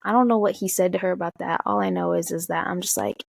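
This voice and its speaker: Young woman, vlogger, storytime, animated, fry-heavy voice, dry recording. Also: fairly low pitch, quick pace, no echo. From Tacoma area, USA. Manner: animated, swearing, acts out quotes. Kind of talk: casual storytime.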